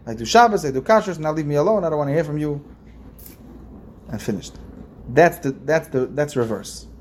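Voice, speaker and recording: Conversational rabbi, slightly high voice. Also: male voice, lively intonation, a little fast, slight background noise. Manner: conversational, repeats phrases and restarts, asks the listeners questions. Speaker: rabbi teaching a class. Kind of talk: informal religious lesson.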